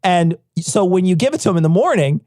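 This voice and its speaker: A man's voice: sits high, very animated, fast, dark tone, no room sound, clean studio sound. A man co-hosting a podcast, telling stories with playful, profane banter. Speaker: podcast co-host. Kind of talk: casual comedic chat.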